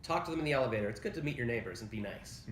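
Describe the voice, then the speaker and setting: A man's voice: mid-range voice, animated, rapid-fire, slight background noise. A man with a joking, self-mocking manner, hosting a casual walkthrough of a condo unit indoors. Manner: playful, self-mocking, exclamatory. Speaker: host touring a condo.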